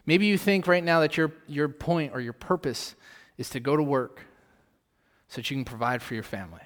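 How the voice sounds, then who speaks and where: A male pastor delivering a sermon, posing rhetorical questions and swinging from loud emphasis to soft asides, in a long hall reverb. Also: fairly high pitch, moderate pace.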